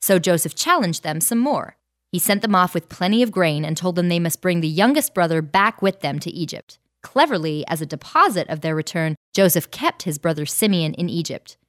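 Low-voiced woman summarizing a story. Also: lively intonation, a little fast. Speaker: narrator. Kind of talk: scripted story summary narration.

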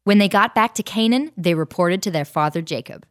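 A woman narrating a clear, explanatory summary between Bible story readings. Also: medium pitch, a little fast.

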